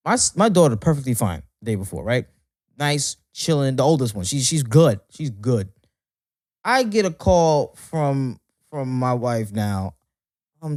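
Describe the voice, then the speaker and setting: Brief: male co-host, casual and animated, swings his pitch a lot, cursing comic rants. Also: moderate pace, no room sound, clean studio sound. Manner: animated, profane ranting storyteller. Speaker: podcast co-host. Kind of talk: casual chat.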